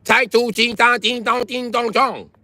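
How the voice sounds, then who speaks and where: A squealing, bubbly young woman chirps greetings in a very high voice, as a man puts her on. Her tone is bright and exaggerated. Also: flat delivery, unhurried, exaggerated voice. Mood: chirpy.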